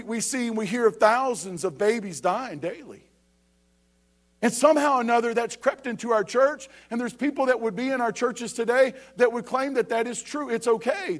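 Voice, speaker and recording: A man, preaching a sermon to a church and breaking in often to ask if the congregation is ready. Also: very high-pitched. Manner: preaching with rising emphasis and repeated calls of "you ready?". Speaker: pastor.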